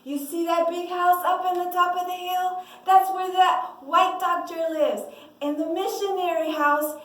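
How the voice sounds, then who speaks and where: Woman as an anxious young mother; high, hushed and fearful; distant, roomy recording. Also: little pitch movement, measured pace. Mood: hushing. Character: frightened young village mother, anxious and shushing. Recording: echoey room, mic far off.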